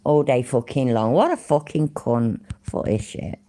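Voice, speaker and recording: A woman's voice: a bass voice, lively intonation, unhurried, mellow, a little hiss or hum. A woman hosting a reaction video, giving crude, sarcastic, mocking commentary with lots of swearing. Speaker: reaction channel host.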